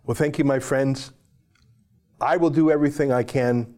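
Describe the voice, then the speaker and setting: A man speaks as a show host with a mellow, dark timbre. His commentary is fervent and pleading. He moves between forceful declarations and quiet, almost whispered lines. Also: medium pitch, steady tone, moderate pace. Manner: emotional, pleading, swings from loud to hushed. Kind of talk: impassioned commentary.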